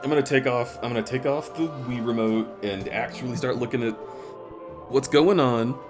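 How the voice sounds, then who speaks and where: A man's voice: mid-range voice, normal speed, music in the background. Effusive male variety streamer. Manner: effusive, thankful, rambling with restarts. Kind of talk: live-stream chat while gaming.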